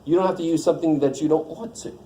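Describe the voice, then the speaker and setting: Male math instructor, relaxed classroom lecture, mellow tone, echoey room with faint hum. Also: on the high side, quick pace. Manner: joking, informal, asks the class questions.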